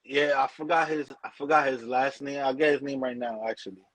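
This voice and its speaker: Laid-back male podcast host, mid-pitched, dry close sound, slangy and easygoing. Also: steady tone, fairly quick, fairly bright tone, dry recording, rough recording. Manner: loose slang-heavy talk, calls listener bro. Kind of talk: casual chat.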